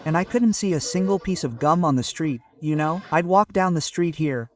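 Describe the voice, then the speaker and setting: A man from Northeast Brazil, telling animated stand-up stories about his childhood and constantly checking in with the crowd. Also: fairly high pitch, normal speed, hardly any pauses, distant mic. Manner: animated storytelling with frequent tag questions. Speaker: stand-up comedian. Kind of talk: stand-up comedy set. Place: stage in front of a live audience.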